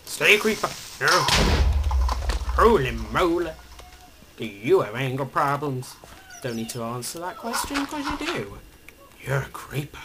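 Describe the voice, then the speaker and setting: A man narrates his game in an unhurried way, with a pitch that swings widely up and down. He pleads with and taunts the monsters on screen and now and then drops to a whisper. The home recording carries a clear layer of noise and clicks. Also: big pitch swings. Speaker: let's play gamer. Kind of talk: video game commentary.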